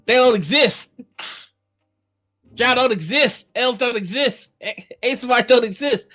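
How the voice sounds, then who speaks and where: A woman's voice: fairly high pitch, unhurried, faint music behind. A woman co-hosting a casual stream chat, laughing often and swearing freely. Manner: laughing often, profane and animated.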